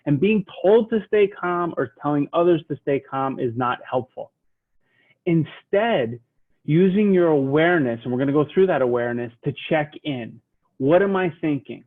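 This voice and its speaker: A man teaching a leadership lesson, guiding listeners through a slow mindful breathing exercise and speaking in a soothing manner. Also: fairly high pitch. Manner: slow, soothing, drops to a hush while counting breaths. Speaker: leadership trainer. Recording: tinny phone-like sound.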